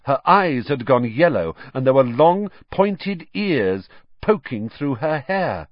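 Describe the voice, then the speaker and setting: Lively male audiobook narrator. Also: medium pitch, takes it slowly, no room sound, dull audio. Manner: vivid, expressive reading.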